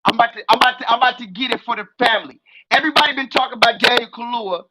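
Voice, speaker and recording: A young adult man hosting a live call-in stream, ranting loudly and profanely at the chat and mocking his target. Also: extremely high pitch, rapid-fire, low-quality recording. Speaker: livestream host.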